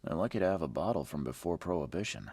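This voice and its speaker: Weary game detective: very deep, gravelly, terse and dry. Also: male voice, expressive, fast, a little mellow, no echo, exaggerated voice. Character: weary gruff male 1920s private investigator. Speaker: game protagonist.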